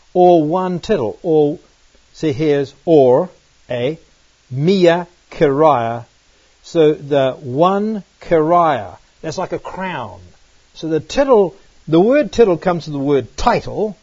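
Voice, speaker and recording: A middle-aged man from New Zealand with a New Zealand accent, preaching a sermon and telling personal stories in an animated way, often exclaiming. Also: fairly high pitch, husky, no echo. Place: church. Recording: dull lo-fi recording.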